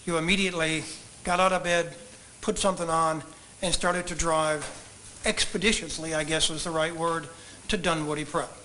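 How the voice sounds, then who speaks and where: A man examining a witness in a courtroom, asking measured, polite, leading questions. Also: fairly high pitch, flat delivery, bright, forceful tone, a little hiss or hum, rough recording. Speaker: trial attorney questioning a witness.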